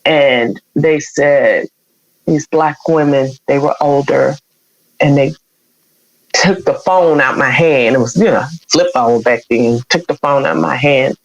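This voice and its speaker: A rumbling low voice takes its time as this radio program director, a podcast guest, shares a personal story. She's candid and conversational, quoting many exchanges; the recording is dull and dry.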